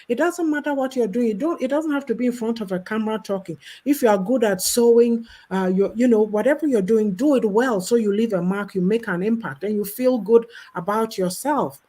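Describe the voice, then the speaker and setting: A woman's voice: fairly high pitch, fairly quick, dark tone. Outspoken impassioned woman from Ghana. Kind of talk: casual chat.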